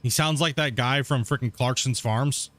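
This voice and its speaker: Chatty gamer dude. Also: male voice, medium pitch, moderate pace, fairly bright tone. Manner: chatty, rambling, laughs often, says "dude". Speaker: gaming streamer. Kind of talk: casual let's-play commentary.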